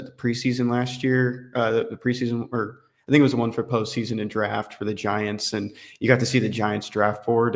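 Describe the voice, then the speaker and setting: Young dude on a sports pod, easygoing, just telling a story. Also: male voice, lowish voice. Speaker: podcast co-host. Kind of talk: casual sports chat.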